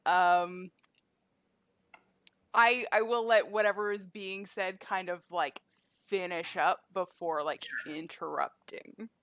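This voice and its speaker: A woman's voice: lowish voice, fairly even intonation, takes it slowly, fairly bright tone. Chatty woman playing a tabletop game. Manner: hesitant, lots of fillers and restarts. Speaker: player. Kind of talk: casual chat in a tabletop game.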